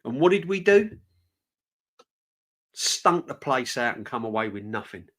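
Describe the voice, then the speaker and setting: A man's voice: mid-range voice, big pitch swings, measured pace, a bit bright. A man hosting a fan channel live stream, ranting with passion and repeating himself. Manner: passionate, fuming, repetitive.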